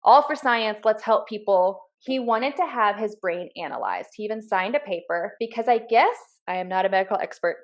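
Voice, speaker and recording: A woman's voice: medium pitch, moderate pace, few pauses. Candid woman telling a personal grief story. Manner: candid, swears freely, acts out quoted voices. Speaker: podcast co-host sharing her grief story. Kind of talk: casual conversational storytelling.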